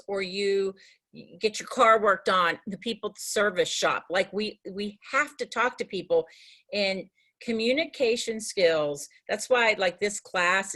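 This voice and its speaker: A woman's voice: mid-range voice, a bit bright. A woman teacher talking earnestly with her class on a video call, rambling and restarting her sentences.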